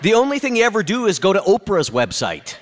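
A man's voice: sits high, fast talker. A man playing a grown son who patiently but wearily walks his mother through her computer in a comedy sketch. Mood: exasperated. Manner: exasperated, sighing, lively.

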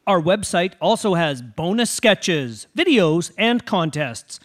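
A man co-hosts a comedy program and reads the promo announcements. His voice is high for a man and very animated. He keeps the delivery brisk and businesslike. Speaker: comedy show host. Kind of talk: scripted show announcement.

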